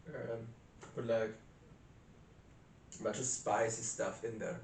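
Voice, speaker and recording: A young man chats aimlessly to his camera, stumbling over restarts and fillers. His voice sits at an ordinary pitch and sounds a little distant, with echo off the walls of a small room. A faint rumble hums underneath. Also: wildly swooping pitch, takes it slowly, long pauses, darkish tone. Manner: rambling, hesitant, many restarts and fillers. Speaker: vlogger. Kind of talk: casual rambling vlog. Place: small room indoors by a window. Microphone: camera set up close in a cramped room.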